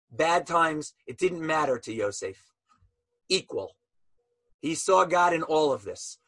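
A man's voice: on the high side, fairly bright tone, breathy edge. A man teaching a Torah lesson as a sermon, telling stories animatedly and asking rhetorical questions.

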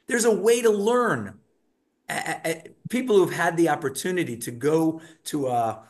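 Male Torah teacher giving a class over a video call, lively storyteller, voice sits a little high. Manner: animated, acts out shouting scenes in his stories. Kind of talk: online class lecture with storytelling.

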